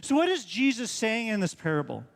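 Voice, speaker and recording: A man's voice: sits high, huge pitch swings, brisk, creaky, long reverb tail. A male pastor preaching a sermon in a conversational way, full of rhetorical questions. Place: church sanctuary.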